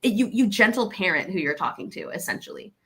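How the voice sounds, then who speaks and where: A young woman with a Southern American accent giving casual, animated advice and acting out the exchanges she describes. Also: medium pitch, quick pace. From Arkansas, USA. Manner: animated, acts out quoted exchanges.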